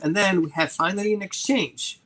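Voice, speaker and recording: A dog trainer with a high-pitched, fairly bright voice talks fairly quickly over a rough-sounding video call. He illustrates his points by performing short scenes, giving the dog and the people their own quoted lines.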